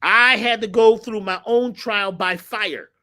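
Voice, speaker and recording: A man's voice: high-pitched, a little slow, bright, forceful tone. A man telling stories animatedly as an interview guest, acting out the voices in his stories and dropping slang as he goes. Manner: acts out quoted voices with slang. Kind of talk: animated storytelling.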